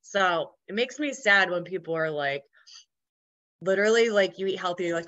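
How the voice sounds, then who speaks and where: A woman's voice: mid-range voice, animated, normal speed, bright, forceful tone, highs cut off. A young woman fitness coach talking casually on a business call, rambling with many fillers.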